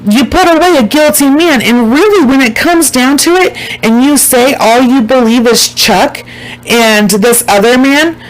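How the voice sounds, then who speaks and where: A woman casually recapping a documentary to her viewers, emphatic and blunt, swearing freely and slowing down to stress the points that upset her. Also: high voice, low-quality recording.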